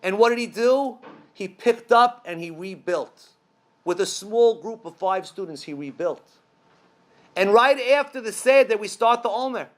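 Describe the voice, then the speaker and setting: High-voiced man telling a story. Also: unhurried. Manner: animated storyteller, rhetorical questions. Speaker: speaker at a Passover event. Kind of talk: storytelling speech to a live audience. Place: room with an audience.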